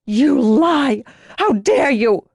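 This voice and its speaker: A woman voicing a fierce young woman dragonrider who shouts her accusations in shrill, distraught outbursts. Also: animated, drawn-out words, gravelly, husky, dry recording, clean studio sound, heavily acted. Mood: furious.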